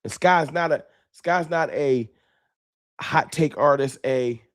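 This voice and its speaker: A man's voice: fairly high pitch, slow pace, dry recording, clean studio sound. A man hosting a late-night sports fan livestream, talking off the cuff with emotion and slang. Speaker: sports fan show host.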